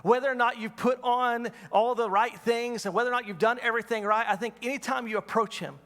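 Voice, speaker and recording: A man's voice: extremely high pitch, fairly even intonation, a little fast, fairly bright tone, big-room sound. A man in his thirties preaching a sermon, earnest and repetitive, asking the congregation questions. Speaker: pastor. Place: church hall.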